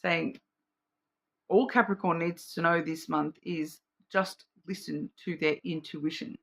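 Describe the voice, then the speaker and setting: A woman's voice: sits low, steady tone, a little slow, vocal fry. An Australian woman giving a casual, intuitive card reading, rambling with many fillers and restarts. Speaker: card reader.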